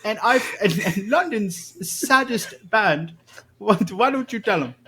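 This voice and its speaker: A man's voice: high-pitched, expressive, a little slow, sharp tone, husky, voice pushed up, exaggerated voice. A man voicing an exaggerated, gloomy Londoner who speaks in over-the-top mock British slang. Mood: mopey.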